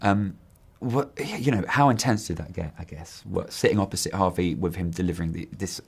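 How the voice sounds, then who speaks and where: Deep, creaky male interviewer. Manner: halting, repeats words while asking. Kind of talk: casual interview.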